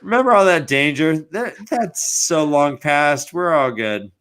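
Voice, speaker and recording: A man's voice: fairly high pitch, lively intonation, a little slow, fairly bright tone, smooth. A man voicing a carefree, overconfident young man in a casual recap. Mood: smug.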